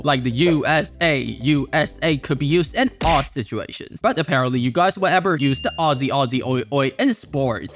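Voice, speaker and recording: A man hosting a video, giving playful, teasing scripted commentary. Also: medium pitch. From United States. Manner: playful, teasing, animated delivery. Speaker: video host.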